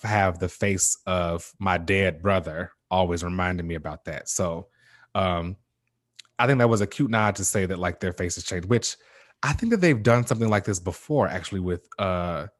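A man with a fairly low voice talks loosely, filling his sentences with "um" and "like" and often breaking into laughter. It sounds like a casual recap chat, recorded close and dry with no room sound. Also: expressive, moderate pace, dry recording. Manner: rambling with many fillers and laughs. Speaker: podcast co-host.

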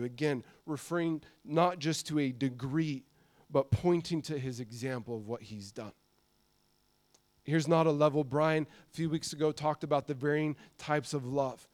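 Smooth-voiced American man preaching. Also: a little high, moderate pace. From United States. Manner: dynamic, swinging from loud emphasis to soft confiding. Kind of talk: sermon.

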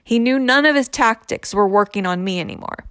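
A woman's voice: a little high, fairly quick, fairly bright tone, no echo, clean studio sound. A woman in her thirties telling a personal story candidly, in a conversational way with frequent fillers.

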